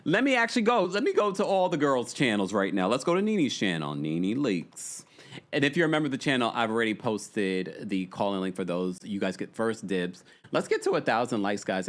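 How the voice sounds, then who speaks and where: Lively, gossipy man hosting a recap stream. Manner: animated, gossipy, yawning and laughing, swings between high exclamations and low asides. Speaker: host of a live reality-TV recap stream. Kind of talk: casual live-stream recap reading chat comments.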